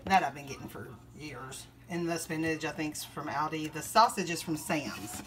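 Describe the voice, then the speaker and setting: Casual home cook vlogger, young woman, slightly low voice, rambling and chatty. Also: lively intonation, moderate pace, very noisy. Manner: chatty, rambling, laughs often. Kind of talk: casual cooking vlog. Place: home kitchen.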